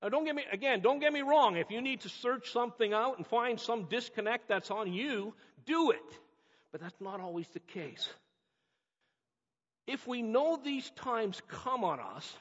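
Husky high-voiced man preaching in reverberant hall. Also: fairly bright tone. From North America. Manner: earnest, emphatic preaching with repeated phrases. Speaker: pastor. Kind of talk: sermon. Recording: dull lo-fi audio with long hall reverb.

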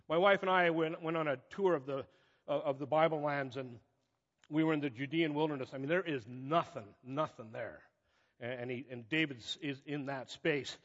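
Preaching man in a reverberant hall. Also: on the high side. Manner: preaches with swells of emphasis, dropping to quiet asides. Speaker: pastor. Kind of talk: sermon. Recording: muffled audio with long hall reverb.

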